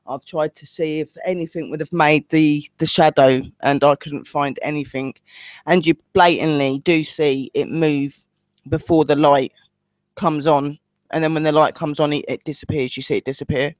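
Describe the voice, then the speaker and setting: A woman's voice: deep voice, fairly even intonation, normal speed, a little mellow, rough recording. A woman talks to her live-stream audience as she runs a ghost hunt from her home. She chats loosely and keeps calling the viewers "guys", like a team leader showing them around. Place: at home indoors.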